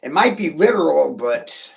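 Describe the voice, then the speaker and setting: A man's voice: on the high side, big pitch swings, unhurried, creaky. A man ranting on a livestream, profane and provocative, firing rhetorical questions at his viewers. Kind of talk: rambling livestream rant.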